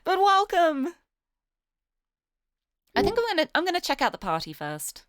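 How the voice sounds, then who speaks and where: A woman's voice: high-pitched, huge pitch swings, fast talker. A young British woman streaming a game, chatting with viewers and reading the story aloud. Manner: chatty, giggly, greets chat.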